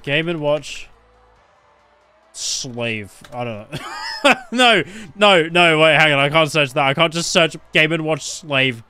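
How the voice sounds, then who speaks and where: A young man streaming a game live, excitable and foul-mouthed, reacting loudly and laughing often. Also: slow pace, long pauses, clean tone, faint music behind. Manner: excitable, swearing, laughing often, jumps up and down in pitch.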